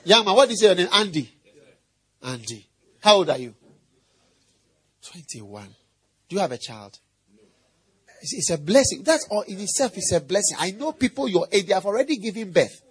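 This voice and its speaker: A middle-aged man preaching a sermon as pastor, animated and playful, quizzing the congregation and mimicking animal noises. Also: high-pitched, moderate pace, long pauses, slightly rough.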